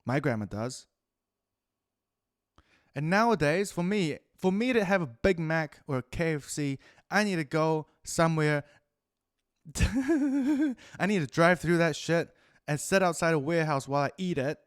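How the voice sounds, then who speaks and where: Ranting New Zealand man, smooth voice. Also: fairly high pitch, lively intonation, measured pace, long pauses, no echo, studio quality. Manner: profane, ranting, swings between loud and muttered. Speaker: podcast host. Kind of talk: rambling solo monologue.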